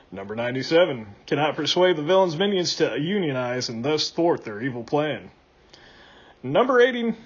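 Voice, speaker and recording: A man reading out a comedic list in a deadpan way, his voice rising on each number and dropping low at each punchline. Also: dull audio. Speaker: list reader.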